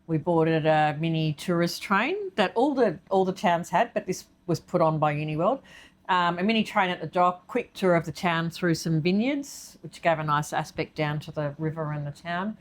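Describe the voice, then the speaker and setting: A woman's voice: deep voice, a little hiss or hum. A middle-aged woman co-hosting a travel show, telling the trip with enthusiasm and a few fillers. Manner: warm, enthusiastic storytelling with fillers. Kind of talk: casual travel recap chat.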